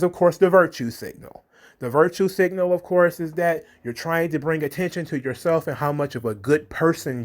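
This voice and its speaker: A man hosting an opinion commentary, talking with sarcasm and scorn, slipping into a mocking sing-song when he quotes others. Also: on the high side. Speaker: commentary host.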